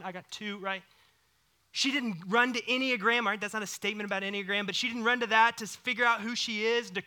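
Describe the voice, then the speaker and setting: A man in his thirties preaching a sermon, animated, swinging between loud bursts and hushed whispers. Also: high voice. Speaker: pastor.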